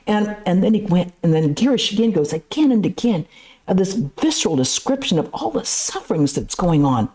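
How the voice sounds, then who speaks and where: A nun gives a conversational spiritual lecture at a temple, her voice on the low side and her pace moderate. She tells stories in a lively way, dropping in casual asides.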